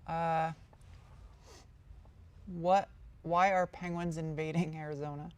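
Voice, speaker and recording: A woman's voice: deep voice, little pitch movement, slow pace, darkish tone, clear, resonant tone, no echo. A woman casually answering viewer questions on a live stream, rambling and chatty as she reads out each question. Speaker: car-build YouTuber answering live chat.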